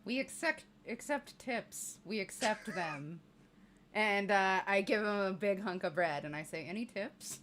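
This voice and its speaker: A woman's voice: mid-range voice, expressive, measured pace, a bit bright, a little hiss or hum. A woman playing a tabletop game in a playful, joking way. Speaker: player. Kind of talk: tabletop role-play.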